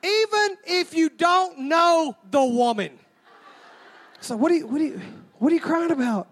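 Male stand-up, very high pitch, animated storyteller. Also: normal speed. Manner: animated, mimics sounds and crowds. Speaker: stand-up comedian.

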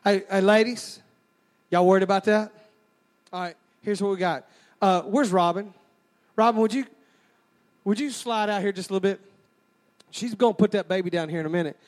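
A man's voice: high-pitched, normal speed, pauses often. A man preaching a sermon, folksy and joking as he calls out to the crowd.

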